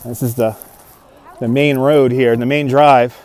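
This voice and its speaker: A man's voice: mid-range voice, fairly even intonation, a little slow, a little mellow. A man hosting a casual walking livestream outdoors in a snowy park, chatting and answering viewer comments while holding a phone on a gimbal. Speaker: livestream host. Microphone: phone on a handheld gimbal.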